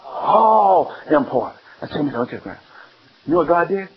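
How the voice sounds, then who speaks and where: High fiery preacher, lo-fi. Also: male voice, big pitch swings, normal speed, a crowd in the background. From Alabama. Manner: fiery, questions the congregation and waits for answers. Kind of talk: sermon. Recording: dull lo-fi recording.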